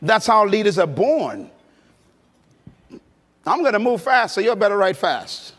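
Emphatic, high-voiced male preacher. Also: big pitch swings, measured pace, fairly bright tone. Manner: emphatic, storytelling, engaging the audience with questions. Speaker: conference speaker and preacher. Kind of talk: sermon. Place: large conference hall. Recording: long reverb of a large hall.

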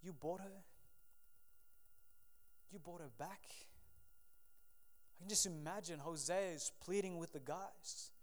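A man preaching a sermon, swinging between loud appeals and hushed moments. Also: sits high, slow pace, pauses often. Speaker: pastor.

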